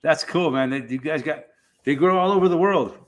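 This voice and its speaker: A man's voice: a little high, normal speed, a bit bright. A middle-aged man hosting a casual live stream, rambling and swearing in a laid-back way.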